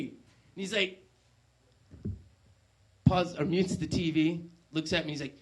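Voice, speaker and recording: A man doing a stand-up comedy set on stage, animated, with loud bursts and low asides. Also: moderate pace, long pauses. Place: stage before a live audience.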